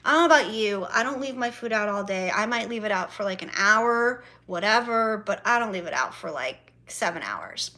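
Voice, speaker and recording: A woman's voice: medium pitch, animated, normal speed, hardly any pauses, sharp tone. A woman telling a family story to her viewers in a chatty vlog, swearing freely and acting out both sides of conversations with her mother. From South Florida. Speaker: vlogger. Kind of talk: casual storytelling to camera.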